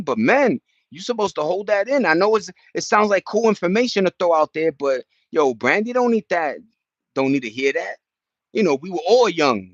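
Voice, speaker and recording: A young man talks with a somewhat high voice in loose, slangy chat. He rambles and restarts his sentences. The sound is muffled and dead dry. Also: no room sound. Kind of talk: casual chat.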